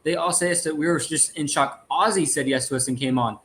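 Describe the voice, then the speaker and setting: A man with a slightly high voice co-hosts a livestream, earnest and encouraging. Faint noise sits under his call audio. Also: a little fast, fairly bright tone. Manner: earnest, encouraging, talks about community support. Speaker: livestream co-host. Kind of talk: casual livestream chat.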